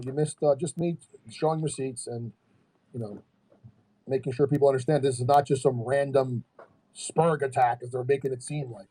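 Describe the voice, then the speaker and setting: Heated man with a husky voice. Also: medium pitch, mellow, low-quality recording. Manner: heated, argumentative, reads comments aloud and rebuts them. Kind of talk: casual livestream commentary.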